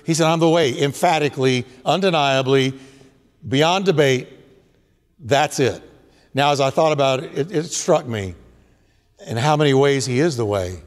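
A man's voice: medium pitch, moderate pace, pauses often. A male pastor delivering a sermon, emphatic and repetitive, in a church sanctuary. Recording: long hall reverb.

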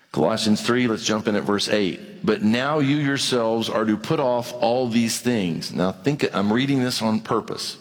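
Preaching man in an echoing hall. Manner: animated preaching, acts out dialogue, pitch swings widely. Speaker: pastor. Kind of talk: sermon. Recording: long reverb of a large hall.

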